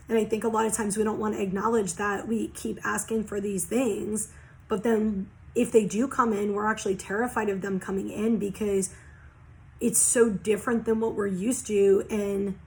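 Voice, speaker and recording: A woman's voice: mid-range voice, rough recording. A woman giving a casual spiritual card reading to her viewers, candid and blunt, swearing freely as she shares personal experience. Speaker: spiritual reader.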